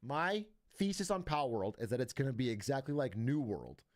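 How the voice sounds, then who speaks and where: A man's voice: medium pitch, big pitch swings, brisk, darkish tone. A young man streaming, chatting casually with viewers in a rambling, profane way and laughing often. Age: young adult.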